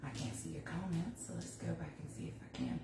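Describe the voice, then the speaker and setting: A woman's voice: low voice, brisk, vocal fry. A woman hosting a casual live craft demo from her home kitchen, chatting to viewers and thinking aloud as she works. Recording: echoey room, mic at a distance, faint noise.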